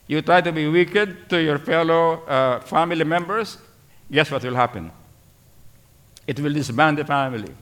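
A man preaching a sermon, slow and emphatic, repeating key words for weight. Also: fairly high pitch, fairly bright tone. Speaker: pastor. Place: church hall with a screen.

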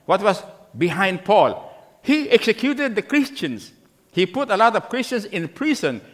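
His voice sits high and has a sing-song quality, moving at a measured pace. The middle-aged pastor asks his congregation question after question during the sermon, slipping into the voices of people in the scripture story.

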